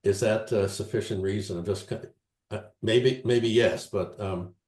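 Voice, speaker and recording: A man's voice: on the low side, steady tone, a little slow, a little mellow, echoey room. A man on a town committee, speaking hesitantly and thinking aloud in a meeting discussion. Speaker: committee member.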